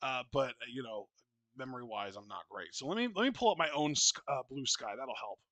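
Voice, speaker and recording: A man's voice: mid-range voice, animated, a little fast, sharp tone, no echo. A man co-hosting a casual podcast, talking in a blunt, opinionated and profane way, with rambling restarts. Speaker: wrestling podcast co-host.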